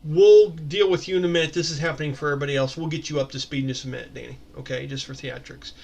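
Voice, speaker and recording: A man's voice: fairly high pitch, fairly even intonation, rapid-fire, gravelly, darkish tone. A man serving as game master, narrating a tabletop game from home in a chatty, filler-heavy way.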